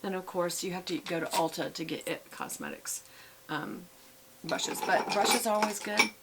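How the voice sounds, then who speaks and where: Gravelly-voiced woman vlogger. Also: fairly low pitch, moderate pace, heavy background noise. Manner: chatty, rambling, with many fillers and self-corrections. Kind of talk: casual show-and-tell chat.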